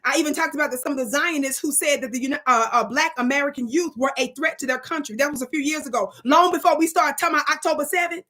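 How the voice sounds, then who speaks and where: Woman, livestream host, emphatic preacher-like commentary, bright tone. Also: sits high, quick pace, hardly any pauses. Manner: emphatic, preacher-like, scolds the chat. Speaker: online show host.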